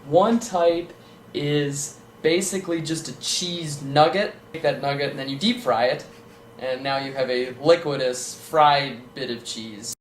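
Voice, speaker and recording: A man's voice: medium pitch, a little slow. A young man from Minnesota, telling stories casually in an interview and acting out the voices he quotes. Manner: animated, acts out quoted voices. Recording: echoey room with faint hum.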